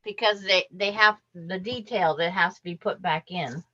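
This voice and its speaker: A woman's voice: lowish voice, moderate pace, pushed and bright. A woman co-hosting a casual quilting chat over a video call, talking in loose, trailing phrases with frequent restarts. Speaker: co-host moderating a quilting livestream chat. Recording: dull, muffled video-call audio.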